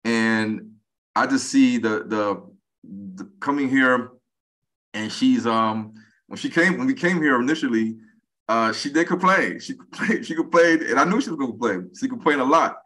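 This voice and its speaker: A man's voice: medium pitch, normal speed. A man in his forties, a podcast guest chatting casually and acting out quoted speech as he tells stories. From United States. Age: 40s. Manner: animated storyteller, acts out quoted speech. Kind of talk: casual conversation.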